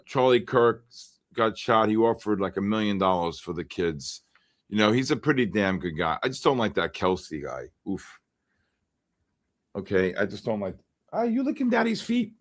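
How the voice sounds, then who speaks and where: A middle-aged man hosting a live trading stream, rambling casually and calling out viewers by name. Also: on the low side. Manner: rambling, chatty, shouts out chat names. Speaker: livestream trading host.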